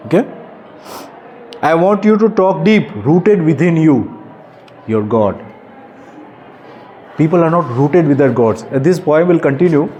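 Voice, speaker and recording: A man's voice: a little high, expressive, a little slow, long pauses, dark tone. A man in his forties with an Indian accent, speaking earnestly to students at a school workshop and often putting questions to them. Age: 40s. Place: school classroom.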